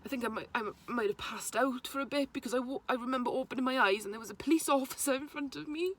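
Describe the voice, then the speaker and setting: A young woman, haltingly retelling a personal story to camera, with many restarts. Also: a little high, a bit bright. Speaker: vlogger.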